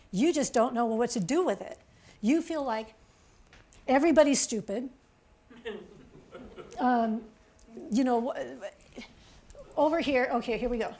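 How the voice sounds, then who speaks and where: A woman author giving a chatty, animated presentation to an audience, pointing things out on a chart and checking in with "okay?". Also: fairly high pitch. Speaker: author giving a public talk.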